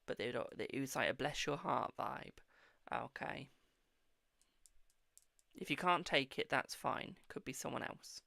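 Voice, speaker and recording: A man's voice: mid-range voice, animated, a little slow, vocal fry, pauses often, bright, forceful tone, dry recording. A man hosting a live-stream psychic reading, chatting casually and affectionately calling viewers boo and darling. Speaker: psychic tarot reader and host.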